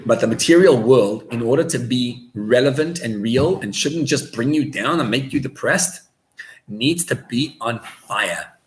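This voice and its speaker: A man, a rabbi, preaching a sermon as an animated storyteller who mixes in Hebrew and Yiddish words. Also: mid-range voice, measured pace, a little hiss or hum. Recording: roomy echo.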